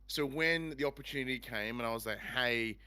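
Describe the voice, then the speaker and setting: A man hosts a casual podcast chat about games. His voice sits in a middle pitch, and he talks at length with plenty of enthusiasm. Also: quick pace, bright, forceful tone. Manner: rambling, enthusiastic. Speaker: podcast host.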